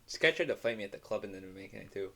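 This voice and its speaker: A young man co-hosting a podcast, telling loose, crude stories full of swearing and quick laughs. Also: fairly low pitch, lively intonation, vocal fry, a bit bright. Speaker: podcast co-host. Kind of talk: casual chat.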